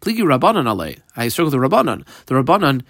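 Animated man teaching a Talmud page. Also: mid-range voice, racing, no echo. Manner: animated, mixes Hebrew-Aramaic terms into English explanation. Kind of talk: daily page Talmud class.

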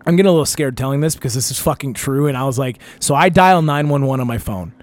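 A man's voice: mid-range voice, fast talker. A young man telling a wild story on a casual talk show, swearing often and acting out what people said. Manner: animated, profane, acts out quotes.

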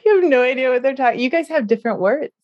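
A woman's voice: high-pitched, expressive, racing, darkish tone, no room sound, dull audio. A woman from the United States hosting a podcast, chatting casually and laughing often. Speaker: podcast host.

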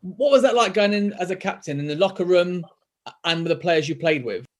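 Quick, high-voiced male host. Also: expressive. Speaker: podcast host. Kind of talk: interview question.

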